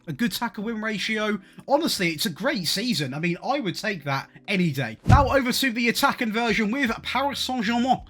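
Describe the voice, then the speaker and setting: Male gaming YouTuber, high-pitched, enthusiastic, chatty commentary over soft music. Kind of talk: video game tactics commentary.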